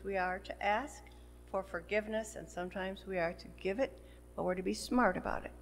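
A woman pastor delivering a sermon in a church, preaching in a slow, measured way and building emphasis on key words. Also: medium pitch, a little hiss or hum. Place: church sanctuary. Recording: long church hall reverb.

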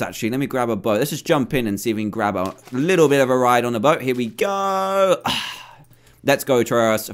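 Lively young man narrating gameplay. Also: mid-range voice. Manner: excitable, jumpy, playfully scared. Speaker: gaming YouTuber. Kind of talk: casual game commentary.

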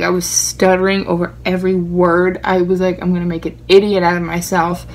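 A young woman vlogging in a casual chat, talking in an excitable, rambling and gushing way. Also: fairly low pitch, brisk, hardly any pauses.

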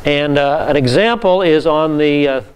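A man's voice: a little high, normal speed, clean tone. A man, a pastor, giving a methodical Bible teaching session from slides and repeating key words for emphasis.

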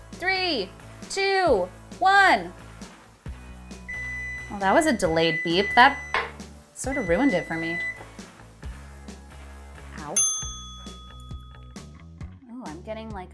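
A woman's voice: mid-range voice, lively intonation, slow pace, long pauses, music in the background. A young woman with a New Jersey accent, hosting a casual home cooking vlog in a chatty, self-deprecating, jokey way. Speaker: cooking video host. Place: home kitchen.

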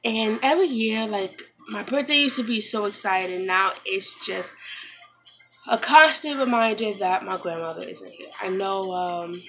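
A young woman from New York talking in a casual personal vlog, subdued and halting, with many fillers and restarts. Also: mid-range voice, pushed and bright, low-quality recording. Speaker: vlogger, mother.

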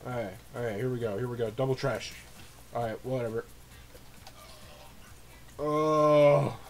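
A young man recording let's play commentary, swearing and swinging from low muttering to sudden shrieks of disgust. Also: fairly even intonation, quick pace, a little mellow. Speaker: gamer, channel host.

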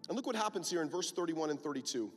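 A man's voice: fairly high pitch, animated, fast talker, soft background music. A man preaching a sermon at a youth conference, emphatic and full of rhetorical questions.

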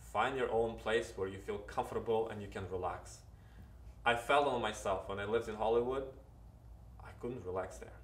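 Interview guest, male, Ukrainian accent, earnest advice-giver; lowish voice, roomy and slightly distant pickup. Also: moderate pace. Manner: earnest, advising, with many restarts. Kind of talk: casual interview talk.

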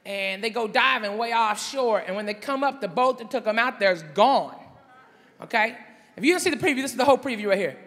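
A man doing a stand-up comedy routine on stage, telling a story loudly and conversationally, with asides to the audience. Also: very high voice, long reverb tail. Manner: loud, conversational, drawn-out storytelling with crowd asides. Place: stage before a live audience. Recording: live stage recording with crowd noise.

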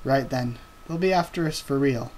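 A man voicing a gruff young male swordsman from a comic, with a flat, matter-of-fact delivery. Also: medium pitch, normal speed, lightly acted. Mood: terse.

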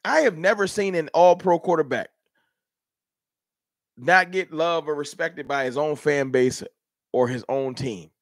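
High-pitched, fired-up fan show host. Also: male voice, unhurried, long pauses, dry recording, studio quality. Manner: heated, rhetorical, talks straight to chat. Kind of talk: animated live-stream sports rant.

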